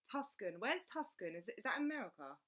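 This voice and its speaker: Bright-voiced chatty woman. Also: on the high side, sing-song, a little fast. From England. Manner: chatty, laughs often, reads out viewer comments, says "mate" and "like". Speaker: livestream host. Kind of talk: casual livestream chat.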